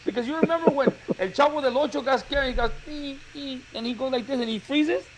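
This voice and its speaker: High-voiced man telling a story. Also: fast, a little hiss or hum, low-quality recording. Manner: animated storyteller, acts out quotes. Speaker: boxing coach. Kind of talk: casual storytelling chat.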